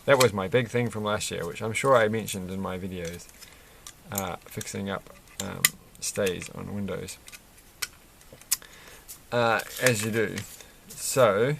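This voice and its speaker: A man's voice: on the low side, takes it slowly, gravelly, noisy background. A man chatting casually and rambling as he builds a Lego set at his desk, with lots of fillers and restarts. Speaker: Lego reviewer. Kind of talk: casual chat while building.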